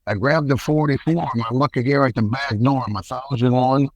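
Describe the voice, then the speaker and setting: Older American man, ex-wrestler guest, folksy animated storyteller, dry close sound. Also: mid-range voice, fairly quick, no echo, highs cut off. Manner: animated, folksy, acts out quotes. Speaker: podcast guest, retired wrestler. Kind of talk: casual storytelling interview.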